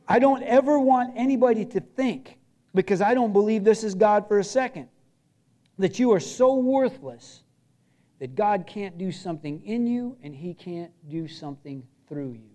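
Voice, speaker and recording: Earnest pastor with a high, mellow voice. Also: male voice, animated, a little slow. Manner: earnest, repeats short phrases, swings from loud emphasis to hushed. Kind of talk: sermon.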